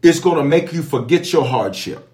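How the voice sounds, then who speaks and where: A man's voice: on the high side, expressive, normal speed, darkish tone, reverberant. A man, a bishop, leading an online prayer that turns into Bible teaching. He preaches with an emphatic, repetitive cadence, making prophetic declarations and speaking straight to his viewers. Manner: speaks directly to an online audience.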